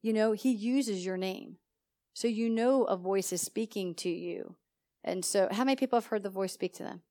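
A woman pastor preaching a sermon at a church service. She talks in an animated, conversational way and keeps asking her listeners questions. Her voice sits at an ordinary middle pitch for a woman. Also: normal speed. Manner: animated and conversational, often asks the audience questions. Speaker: pastor teaching a congregation.

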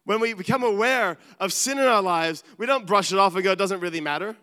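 A middle-aged man preaching with earnest, animated delivery that sometimes drops to quiet asides. His voice is smooth and resonant, a little higher than most men's. It rings out with the long reverb of a large church hall. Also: a little fast. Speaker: pastor. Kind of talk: sermon.

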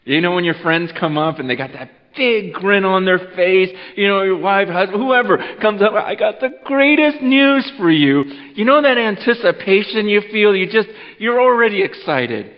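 Male pastor preaching, high voice, animated with hushed low drops, long church reverb, muffled sound. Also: normal speed, hardly any pauses. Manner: animated, repeats words, drops low and quiet for emphasis. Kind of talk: Christmas Eve sermon. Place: church sanctuary.

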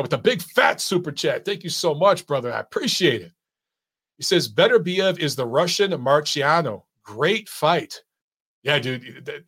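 Middle-aged guy hosting a boxing stream, kinda high voice, super loose and chatty, lots of ums. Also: a bit bright. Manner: loose, chatty, swears, frequent fillers and restarts. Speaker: boxing show host reading live chat. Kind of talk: casual live-stream chat.

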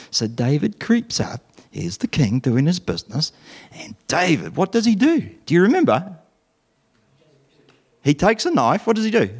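A man's voice: medium pitch, husky. A man telling a Bible story to children, playful and full of questions to his listeners. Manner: animated, playful, asks questions. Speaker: children's talk presenter.

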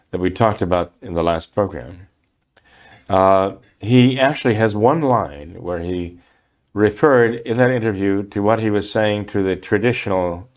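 Hesitant, low-voiced older priest. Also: male voice. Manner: hesitant, many fillers and restarts. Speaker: priest answering questions. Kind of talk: unscripted question-and-answer program.

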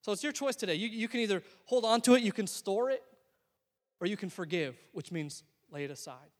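A young man preaching a sermon, telling stories and swinging from hushed to excited. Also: high-pitched, a little fast. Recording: long hall reverb.

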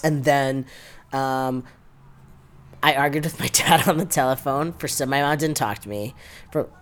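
A man's voice: medium pitch, unhurried, a bit bright. A young adult man with a New York accent, telling a personal story in an interview, full of "like" fillers and quoted dialogue. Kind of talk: oral history interview.

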